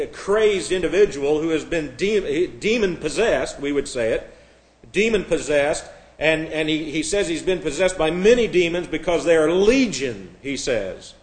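Man, Bible class teacher, slightly high voice, spells words out, echoey room. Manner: spells out words letter by letter, many restarts. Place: church classroom.

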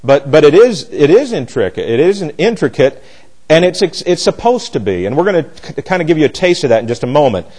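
A Bible teacher leads a class lecture, speaking bluntly and emphatically in a sing-song, fairly quick way. His voice is a bit high for a man and darkish in tone, and he frequently stops and restarts sentences while pressing his points. The recording is low quality.

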